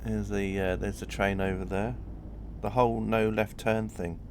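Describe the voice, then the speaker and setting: A man talks through a game on a live stream, his low voice gravelly and full of fry. He rambles, chats easily with his viewers and keeps giggling at his own jokes. A faint hum of noise sits behind him. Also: level tone, moderate pace. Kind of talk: live-streamed gameplay chat.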